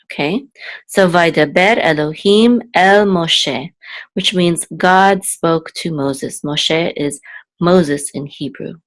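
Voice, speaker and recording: Low-voiced woman teaching Hebrew reading. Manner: patient, repeats syllables slowly. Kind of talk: slow word-by-word reading lesson.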